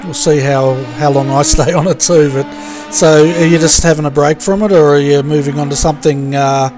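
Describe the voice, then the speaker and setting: A friendly man co-hosting a racing livestream, his voice a little higher than average as he jokes with the others. Clear music runs under his talk. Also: steady tone, fairly quick. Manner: friendly, teasing banter. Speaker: co-commentator. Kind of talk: casual race commentary. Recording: background music on stream.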